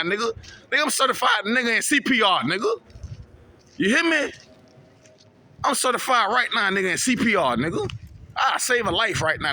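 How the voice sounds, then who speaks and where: A man's voice: high voice, bright, forceful tone. A young man, talking straight to camera about prison life in heavy street slang, repeating himself as he preaches. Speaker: vlogger giving prison testimony. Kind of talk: street talk monologue to camera.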